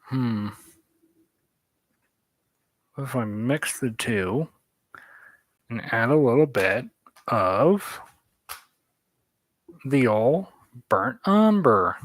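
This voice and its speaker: A man's voice: medium pitch, lively intonation, very slow, long pauses, dry recording. A man streaming himself painting, thinking aloud in a casual, musing, hesitant way. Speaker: artist streaming his painting. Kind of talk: casual live-stream chat while painting.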